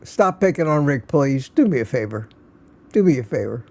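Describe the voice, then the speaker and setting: A man's voice: mid-range voice, big pitch swings, normal speed, a little mellow. An older man hosting a casual live stream, greeting viewers by name one after another and chuckling often.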